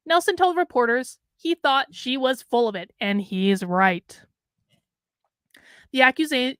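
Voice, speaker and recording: A woman's voice: high voice, a bit bright, no echo, clean studio sound. A woman hosting a political commentary show, reading news stories aloud and breaking in with sarcastic, scornful asides that ramble.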